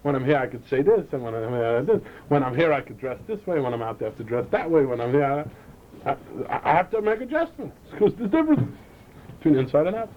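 A man delivers a Chassidic lecture in a fairly high voice, repeating and restarting phrases as he goes. The recording is dull and lo-fi, with a faint hiss behind him. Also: lively intonation, fast talker.

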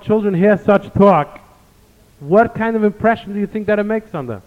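A man's voice: high voice, moderate pace. A man giving an earnest sermon, telling stories and weaving in Hebrew phrases. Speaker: rabbi giving a talk. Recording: tinny phone-like sound in a reverberant hall.

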